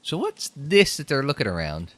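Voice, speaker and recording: Young man, casual let's-play commentary, sarcastic jokes, bright voice, lively swings in pitch. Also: normal speed. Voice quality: joking, sarcastic, rambling. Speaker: game commentator.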